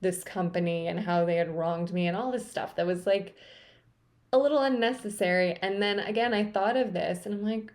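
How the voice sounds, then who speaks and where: Woman talking softly to camera, kinda emotional, lots of likes and pauses. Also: mid-range voice. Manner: soft, thoughtful, with frequent fillers. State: a little emotional. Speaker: host. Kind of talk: reflective personal talk to camera.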